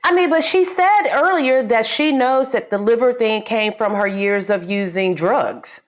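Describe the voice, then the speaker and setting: A woman's voice: on the high side, unhurried. A woman guesting on a casual podcast chat, frank and chatty, agreeing and adding her own takes. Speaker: guest co-host.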